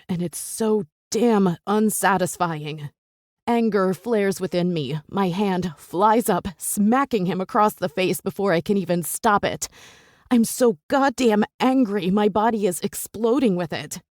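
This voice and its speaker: A woman's voice: mid-range voice, measured pace, darkish tone, dry recording, clean studio sound. A woman narrating a first-person romance audiobook with intense, emotional delivery.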